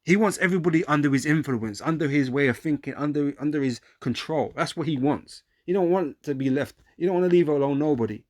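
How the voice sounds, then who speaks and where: A man's voice: fairly high pitch, quick pace, hardly any pauses, darkish tone, dry recording, studio quality. A man, teaching scripture in a casual, profane, repetitive way. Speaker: street preacher.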